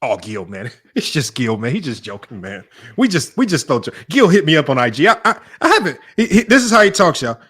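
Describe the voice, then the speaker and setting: Young dude hosting a sports stream, voice a bit high, casual and joking, talks right to the chat. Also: male voice, brisk, husky. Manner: animated, joking, talks straight at viewers and rival. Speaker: sports show host. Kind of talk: casual livestream commentary.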